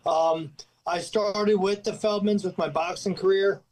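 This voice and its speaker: A man's voice: sits high, fairly even intonation, unhurried, a little mellow, low-quality recording. A man, a fighter guest on a podcast, talking bluntly and swearing freely. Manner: blunt, profane and brash. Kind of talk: casual chat.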